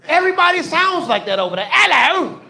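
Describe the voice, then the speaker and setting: A man's voice: sits high, expressive, moderate pace, a bit bright. A man doing a stand-up routine on a comedy club stage, telling loose, profane stories and repeating his lines. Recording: echoey live venue.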